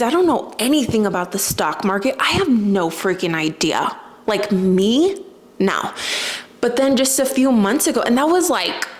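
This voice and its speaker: A young woman talking casually to her viewers, chatty and emotional, with lots of "like" as she tells a personal story. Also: fairly high pitch. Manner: chatty, emotional, says "like" often. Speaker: spiritual vlogger.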